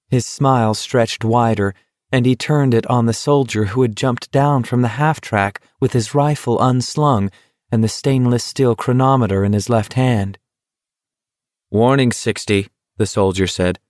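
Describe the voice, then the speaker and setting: Low-voiced male audiobook narrator. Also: steady tone, measured pace, a little mellow, dry recording, clean studio sound. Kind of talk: scripted narration.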